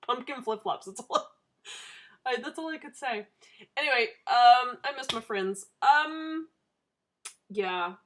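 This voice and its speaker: A woman's voice: on the high side, animated, slow pace, pauses often, fairly bright tone, a little hiss or hum. A woman in her thirties chatting casually to a camera for her video diary, rambling from topic to topic and laughing often. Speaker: vlogger. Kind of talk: casual chat.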